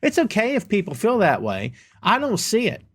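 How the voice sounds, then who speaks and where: A middle-aged man hosting a podcast, reading out viewer questions and answering them with playful sarcasm in a relaxed live chat. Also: sits high, moderate pace. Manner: reads viewer comments aloud and reacts with playful sarcasm. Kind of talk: casual live-stream chat.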